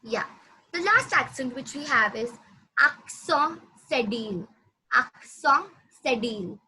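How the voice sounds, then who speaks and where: A woman teaching a language lesson, patiently repeating words slowly for her student. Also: high voice, lively intonation, bright, forceful tone, breathy edge, poor audio. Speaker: French teacher.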